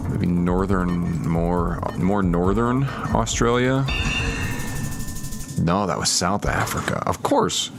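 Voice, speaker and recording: Deep-voiced man chatting on a live stream. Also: takes it slowly, creaky, music in the background. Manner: thinks aloud, hedging and restarting; reads viewer comments and replies. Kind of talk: casual live-stream chat while gaming.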